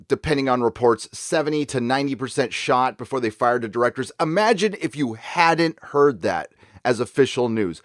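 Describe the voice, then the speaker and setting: A man's voice: on the high side, dry recording, studio quality. A man hosting opinionated fan commentary, talking in a sarcastic, emphatic way. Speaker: YouTube commentary host.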